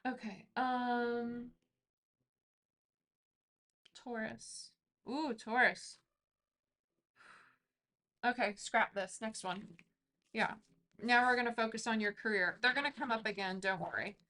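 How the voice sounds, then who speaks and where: A woman's voice: fairly high pitch, a little slow, long pauses, pushed and bright. Chatty woman doing a tarot reading. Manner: chatty and intuitive, thinks aloud with many fillers. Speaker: tarot reader. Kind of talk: casual spoken tarot reading.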